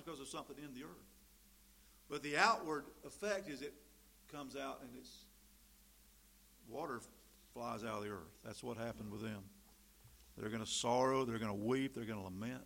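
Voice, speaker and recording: A middle-aged man preaching a sermon, swinging from loud emphatic stresses to quiet asides. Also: mid-range voice, gravelly. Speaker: pastor.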